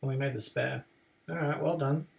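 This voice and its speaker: A man talks casually through a live game stream, chatty and relaxed, ribbing his opponent in a playful way. His voice sits at an ordinary middle pitch and sounds a little distant from the microphone. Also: moderate pace, vocal fry. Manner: chatty, playful trash talk.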